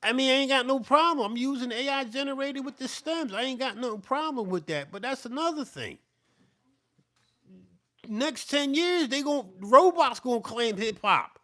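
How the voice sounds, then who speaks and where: Middle-aged guy going off on a profane heated rant, high bright voice, all fired up and sweaty. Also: animated, normal speed. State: sweating, worked up. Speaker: beatmaker. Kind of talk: heated off-the-cuff rant to camera.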